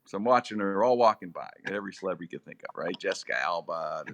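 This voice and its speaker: A middle-aged man, a radio personality, telling comic stories in a lively, animated way. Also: fast talker, creaky. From Pittsburgh area, USA. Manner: lively, comic, with big swings in pitch. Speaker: radio personality and podcast host, guest. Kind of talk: animated storytelling.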